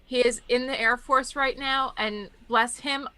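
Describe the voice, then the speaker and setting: A woman with a high, bright voice tells stories in a casual podcast chat. She talks animatedly and acts out what people said. The sound is dry and close. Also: a little slow, dry recording. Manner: animated storyteller acting out quotes. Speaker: podcast host.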